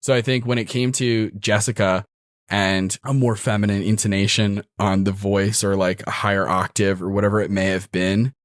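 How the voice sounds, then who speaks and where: A man's voice: fairly low pitch, level tone, moderate pace, no room sound, clean studio sound. A man, a podcast guest who runs tabletop games, chatting casually and thinking aloud with lots of fillers. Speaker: podcast guest and dungeon master. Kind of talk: casual chat.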